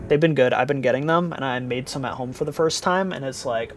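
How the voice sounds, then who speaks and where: A man's voice: mid-range voice, a little fast, hardly any pauses, faint music behind. A tired young man streaming live, chatting casually with viewers in a rambling, giggly way and playfully repeating words.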